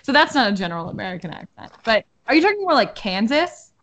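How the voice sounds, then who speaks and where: Young woman co-host, animated, playful, reactive. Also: fairly high pitch, highs cut off. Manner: quick reactive interjections, playful teasing. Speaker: podcast co-host. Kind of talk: casual chat.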